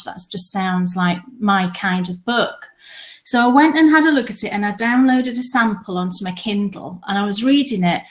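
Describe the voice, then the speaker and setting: Brief: woman co-host, casual live chat, chatty and enthusiastic, mid pitch. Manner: chatty, enthusiastic, animated storytelling. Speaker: podcast co-host. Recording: live stream from home.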